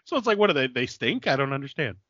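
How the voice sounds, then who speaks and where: A man's voice: mid-range voice, big pitch swings, fast talker, a bit bright, husky, dry recording, dull audio. A man co-hosting a podcast, recapping a film in casual chat, laughing often and filling his talk with "like". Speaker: podcast co-host.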